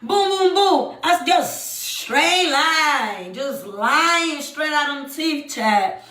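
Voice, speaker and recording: High, bright-voiced young woman telling a story on a live stream. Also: takes it slowly, echoey room. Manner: animated, swears freely, keeps addressing the chat. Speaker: livestream host.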